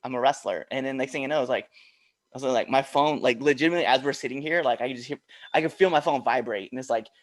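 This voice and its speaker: A man hosting a wrestling podcast, telling a story in a casual, animated way and acting out dialogue. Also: mid-range voice, fast. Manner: animated storyteller, acts out dialogue, many fillers. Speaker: podcast host and pro wrestler.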